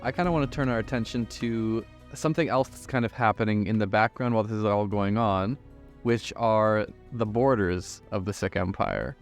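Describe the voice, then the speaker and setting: A man's voice: lowish voice, fairly even intonation, normal speed, faint music behind. A man hosting a podcast, casually thinking aloud as he frames questions for his guest. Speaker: podcast host. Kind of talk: interviewer asking questions.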